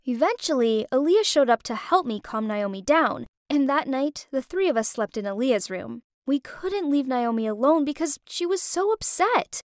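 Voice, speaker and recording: A young woman narrating a dramatic first-person story in a lively, emotive way. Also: sits high, moderate pace, hardly any pauses, dry recording, studio quality.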